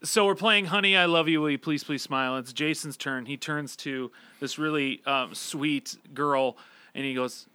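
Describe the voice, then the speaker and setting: A man's voice: medium pitch, normal speed, bright, forceful tone, clear, resonant tone, no echo. A man in his thirties, a podcast co-host telling a story in casual chat, with a chuckle and many fillers.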